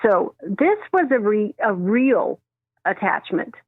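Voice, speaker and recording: A woman who works as a medium, telling stories in an animated way and acting out the voices in them. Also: medium pitch, slow, dry recording. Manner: animated, acts out quoted voices, laughs often. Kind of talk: storytelling in a phone interview. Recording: dry tinny phone line.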